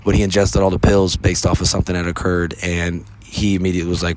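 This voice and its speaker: A man's voice: sits low, little pitch movement, fast, no room sound. An American man hosting a podcast, speaking in an earnest, casual monologue, often tagging his sentences with "man" and "right?". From United States. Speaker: podcast host.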